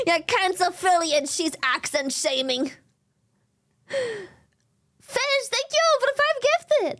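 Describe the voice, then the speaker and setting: A woman's voice: extremely high pitch, lively intonation, extremely slow, pauses often, a bit bright, faint music behind. Giggly German-accented young woman streamer. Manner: giggly, laughs often; chatty, thanks viewers repeatedly. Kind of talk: casual stream chat.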